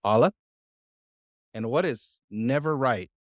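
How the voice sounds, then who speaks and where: A man's voice: mid-range voice, expressive, takes it slowly, no echo. Patient man teaching a class. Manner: patient, quizzes the class, many "uh" fillers. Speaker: Bible Hebrew teacher. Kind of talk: live classroom lesson. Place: church class room.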